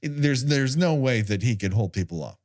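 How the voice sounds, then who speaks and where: Wry, lively man cohosting a podcast. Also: medium pitch, normal speed. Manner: wry, joking, laughs often. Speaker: podcast co-host. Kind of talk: casual podcast chat.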